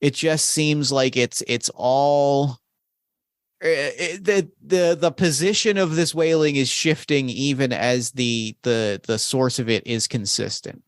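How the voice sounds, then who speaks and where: A man narrating a tabletop game as game master, in a halting way, often restarting his sentences. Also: mid-range voice, no echo, clean studio sound. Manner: halting, full of restarts and fillers.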